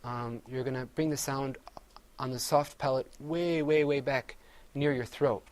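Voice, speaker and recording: A man's voice: mid-range voice, steady tone, a little slow, a little mellow. A man teaching Arabic letter sounds in a class, patiently saying each one and having the group repeat it. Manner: explains mouth positions step by step. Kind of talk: classroom pronunciation drill.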